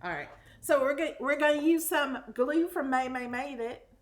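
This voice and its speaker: A woman's voice: sits high, moderate pace, reverberant. A woman hosting a live crafting stream, chatting in a friendly way and laughing easily as she works. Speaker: host crafter.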